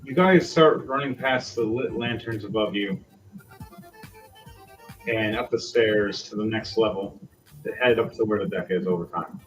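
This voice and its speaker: A man's voice: fairly low pitch, measured pace, pauses often, far from the mic. Casual man narrating as game master. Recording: dull lo-fi sound with faint music.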